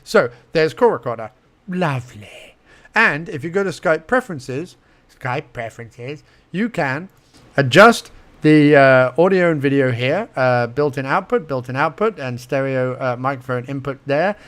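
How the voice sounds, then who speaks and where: A man's voice: medium pitch, lively intonation, measured pace, fairly bright tone. A young man hosting a casual screen-recorded tutorial, chatty and playful, talking to himself as he clicks through menus. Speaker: podcast host giving a tutorial.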